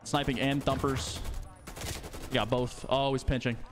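A young man commenting on his own first-person shooter game play, excitable, mumbling when tense and yelling when things go wrong. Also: mid-range voice, measured pace, noisy background. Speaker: gaming YouTuber. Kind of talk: live gameplay commentary. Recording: game gunfire and music underneath. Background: game gunfire and music.

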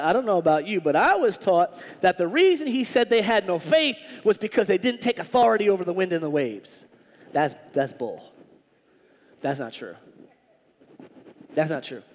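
High-voiced, animated male preacher. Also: moderate pace, pauses often, big-room sound. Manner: animated, humorous, conversational preaching. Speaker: pastor. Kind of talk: sermon.

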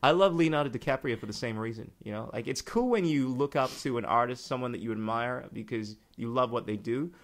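A man's voice: medium pitch, brisk, few pauses. A man hosting a casual podcast interview, chatty and joking, laughing easily. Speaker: podcast host.

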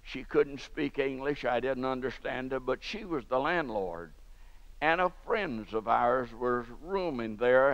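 A man's voice: medium pitch, a bit bright. An older man preaching a sermon in a church, telling stories with fervent emphasis. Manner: fervent storytelling preacher, rising to emphatic peaks. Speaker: pastor. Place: church sanctuary. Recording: dull lo-fi church recording with long reverb.

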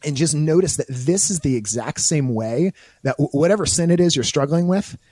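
A man's voice: a little high, expressive, normal speed, mellow, dry recording. Eager man explaining with lots of fillers. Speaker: podcast guest. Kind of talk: casual discussion.

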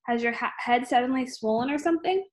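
A woman's voice: high-pitched, fast, natural voice. Woman reading as a clever little storybook girl, sly and all innocent, plain matter-of-fact.

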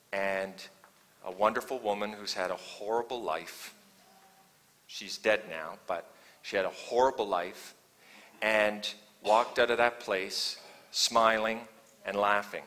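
A man preaching a sermon as a guest pastor, chatting one moment and fervent the next. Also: on the low side. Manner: conversational preaching, swings from hushed to fervent. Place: church sanctuary. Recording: long church hall reverb.

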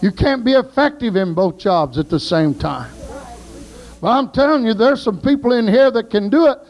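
A man preaching a sermon, telling folksy stories and shouting praise. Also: very high-pitched, lively intonation, normal speed, low-quality recording.

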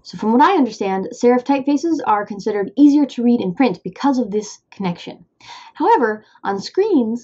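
A woman with a Midwestern American accent walks through a scripted explainer in a playful, upbeat way, tossing in little asides. Her voice sits mid-range with a warm, mellow tone, and the recording sounds slightly dull and lo-fi. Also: on the high side. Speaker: host.

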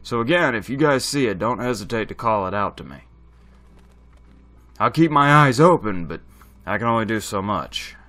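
A man's voice: lowish voice, lively intonation, moderate pace, pushed and bright. A man giving casual let's play commentary, thinking aloud and chatting to his viewers. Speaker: gaming channel host.

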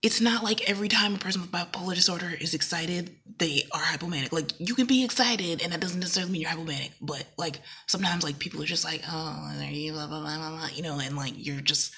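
A woman vlogger talking casually to camera, rambling and animated, now and then dropping into a whisper. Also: fairly low pitch, fast, few pauses, breathy edge. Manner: rambling and animated, acting out quoted dialogue; drops into whispers at times.

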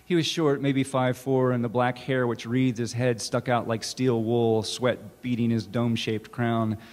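A man, an author, reading his own fiction aloud in a measured, deliberate way at a campus event. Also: medium pitch, level tone, a little mellow. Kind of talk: literary reading. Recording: reverberant hall.

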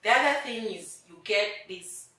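As an interview guest, a woman in her thirties tells her story with animation, laughing often and acting out the voices she quotes. Her mid-range voice moves at a normal speed, recorded in an echoey room with the mic at a distance.

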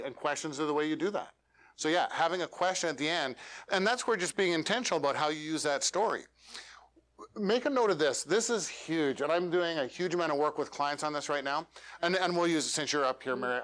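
A man leads a live workshop for a meetup room, coaching in a direct, plain-spoken way. His voice sits somewhat high. He keeps ending his points with questions to the audience. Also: a bit bright. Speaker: featured speaker.

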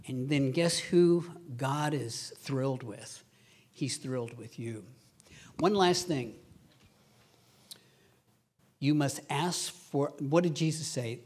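A middle-aged male pastor preaching a lively sermon, acting out voices in his stories. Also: a little high, a little slow, long pauses, husky. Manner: animated, acts out quoted voices, laughs at his own stories.

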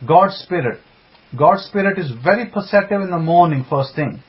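A man's voice: high voice, normal speed. A man teaching a Bible sermon, emphatic, with rhetorical questions and repeated phrases, greeting online listeners as he goes. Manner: greets online listeners by name mid-talk. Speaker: religious teacher. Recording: dull lo-fi sound.

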